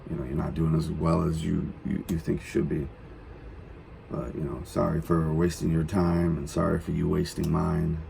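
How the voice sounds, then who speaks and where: A man with a very deep, gravelly voice talks loosely through a reaction to a song. His tone is dark and mellow, and he rambles with plenty of fillers. Faint noise sits behind him. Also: normal speed. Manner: relaxed, rambling, many fillers. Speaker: reaction video host. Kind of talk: casual reaction commentary.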